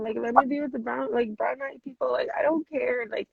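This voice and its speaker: A woman in her thirties telling a personal story on a video call, animated and full of "like", acting out what people said. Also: on the high side, moderate pace, creaky, few pauses, breathy edge, dry recording. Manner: animated, many "like" fillers, acts out quotes. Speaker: guest. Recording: dull lo-fi video call audio.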